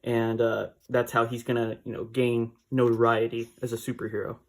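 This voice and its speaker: A man's voice: mid-range voice, completely flat delivery, normal speed, darkish tone, a little hiss or hum. A man casually recapping a comic book issue, rambling with fillers and small laughs.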